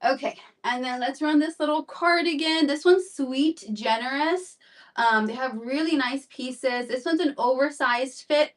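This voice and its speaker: A slightly breathless woman runs a live shopping stream, rambling through sizes and prices with lots of fillers. Her voice sits a little high and comes from a bit away from the mic. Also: measured pace, recorded from a distance. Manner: chatty, rambling, fillers and repeats. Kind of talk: live-stream sales chat.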